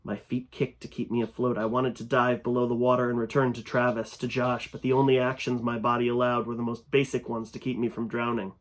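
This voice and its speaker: A man reading a first-person horror story aloud, his voice growing louder and tense in the frightening passages. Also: mid-range voice, little pitch movement, brisk, few pauses. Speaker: fiction reader.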